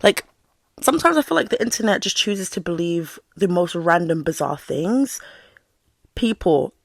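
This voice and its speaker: A woman's voice: fairly low pitch, lively intonation, normal speed, creaky. A woman giving casual commentary on a video channel, speaking frankly and straight to her viewers. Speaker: YouTube commentator.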